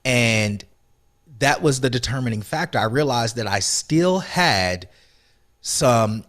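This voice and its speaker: A man being interviewed as an author and speaker, telling a personal story earnestly and with emotion, often soft and then rising with conviction. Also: medium pitch, expressive, takes it slowly. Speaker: podcast guest, author and motivational speaker.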